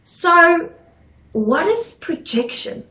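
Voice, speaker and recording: A woman drama teacher giving a video lesson, speaking slowly with careful, crisp articulation. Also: very high voice, very animated, pushed and bright. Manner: slow, clearly articulated delivery. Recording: echoey room.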